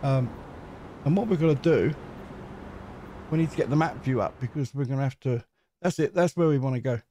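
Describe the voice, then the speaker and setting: Here the gaming channel host, a middle-aged man from England, talks at a brisk clip in a warm, medium-pitched voice, with slight noise in the background. He comments loosely on his own truck game, rambling and teasing himself along the way.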